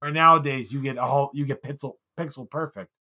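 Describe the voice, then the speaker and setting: A man co-hosting a podcast, chatting casually about an old film, often restarting sentences with sudden lifts in emphasis. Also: fast. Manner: animated, restarts a lot, pitch jumps for emphasis. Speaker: podcast co-host.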